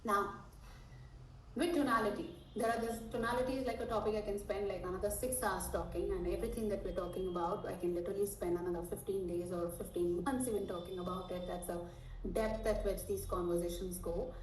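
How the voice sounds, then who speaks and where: A woman teaching a live online sales training, high-energy and animated, checking in with her audience often. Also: a little fast, a little hiss or hum. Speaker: sales coach. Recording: echoey room, mic at a distance.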